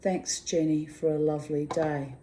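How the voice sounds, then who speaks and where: A woman's voice: deep voice, little pitch movement, normal speed, warm tone, slight background noise. A woman talking candidly in a casual video diary, rambling and muttering asides to herself. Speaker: vlogger.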